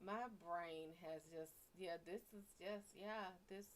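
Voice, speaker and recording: Slow-talking playful woman streamer. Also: fairly low pitch. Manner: playful, rambling, self-mocking. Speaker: live stream host and psychic reader. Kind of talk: casual live-stream chat.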